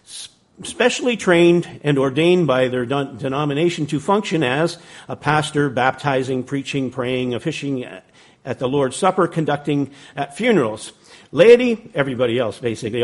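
A man teaching a Bible study, reading scripture aloud and explaining it in a conversational way, with the odd story. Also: on the high side. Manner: conversational, with ums and a humorous story.

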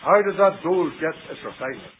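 Husky preacher on tinny old radio. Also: male voice, sing-song, fairly quick. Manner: dramatic preaching with sweeping pitch swings and sudden drops. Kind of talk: sermon.

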